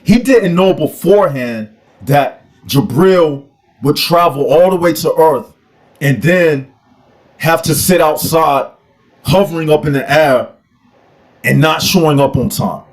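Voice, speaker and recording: A man's voice: on the high side, unhurried. A man preaching a mocking rant, firing rhetorical questions one after another. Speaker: religion critic.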